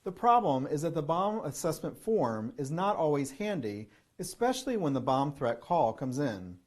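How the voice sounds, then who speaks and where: A man calmly giving security training, methodically reading through a checklist of questions. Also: a little high, moderate pace. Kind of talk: instructional narration.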